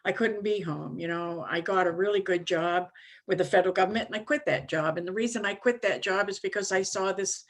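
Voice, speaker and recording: A woman's voice: medium pitch, fairly even intonation, fairly quick. A woman in her seventies from Maine telling her recovery story at a conference, rambling and self-mocking, with frequent "you know"s. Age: 70s. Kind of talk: personal recovery story talk.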